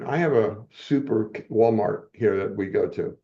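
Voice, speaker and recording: A man's voice: mid-range voice, lively intonation, moderate pace, mellow. An older man as a podcast guest, telling a rambling personal story with frequent chuckles and restarts. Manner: rambling, chuckles often, self-correcting. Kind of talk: storytelling in a casual interview. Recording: muffled, dull audio.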